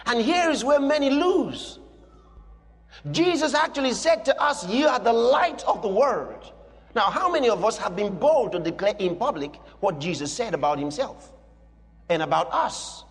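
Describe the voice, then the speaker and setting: A man preaching a sermon as pastor, emphatic and drawn-out, rising now and then into a shout. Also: very high-pitched, big pitch swings. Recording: long hall reverb.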